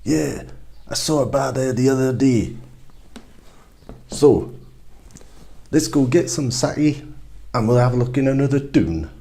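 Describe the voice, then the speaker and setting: A man doing a chirpy, excitable traveler. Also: mid-range voice, a little slow, gravelly, long pauses, voice pushed up. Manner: chatty, excitable.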